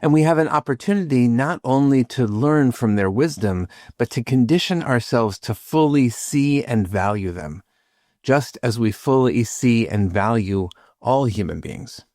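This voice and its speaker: A man hosting a podcast, reading scripted reflections in a measured, lightly humorous way. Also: medium pitch, lively intonation, a little mellow, dry recording, clean studio sound. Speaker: podcast host, rabbi.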